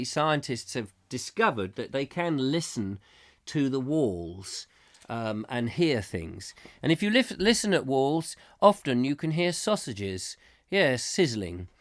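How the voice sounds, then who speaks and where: A man hosting a live comedy chat show, rambling whimsically and reading out viewer comments. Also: mid-range voice. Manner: whimsical, silly, reads viewer comments aloud. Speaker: host.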